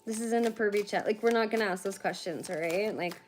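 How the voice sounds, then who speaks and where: Fast-talking, tired young woman. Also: mid-range voice, background noise. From Canada. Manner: fast-talking, chatty, laughs often, many fillers. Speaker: tarantula reader on a livestream. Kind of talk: casual livestream chat and card reading.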